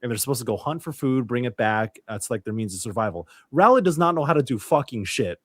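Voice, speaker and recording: A man's voice: mid-range voice, expressive, quick pace, fairly bright tone, no echo, clean studio sound. A man, a podcast guest, chatting casually and telling a rambling story with plenty of swearing. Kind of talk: casual chat.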